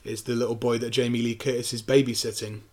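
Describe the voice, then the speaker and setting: Man, casual film review chat, acts out scenes in bursts. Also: medium pitch. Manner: animated retelling, acting out scenes in quick impressions. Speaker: podcast co-host.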